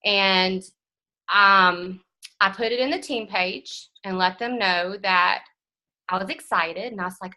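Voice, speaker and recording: A woman, giving a frank, animated motivational talk to her team as guest speaker. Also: mid-range voice, a little slow, rough recording.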